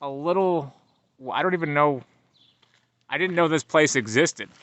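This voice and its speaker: A man's voice: a little high, normal speed, a bit bright, no room sound. A man from Iowa, a radio host, giving chatty, wry running commentary in a vlog while riding in a car. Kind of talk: casual travel vlog narration. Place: inside a moving car. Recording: road and car noise. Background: car and traffic noise.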